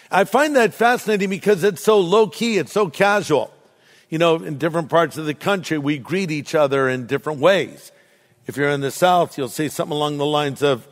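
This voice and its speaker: An older man preaching as a pastor, telling stories in a relaxed, joking way. His voice sits a little higher than most men's. A long reverb trails each phrase, like a big hall. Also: moderate pace. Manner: casual, joking storyteller. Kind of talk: sermon.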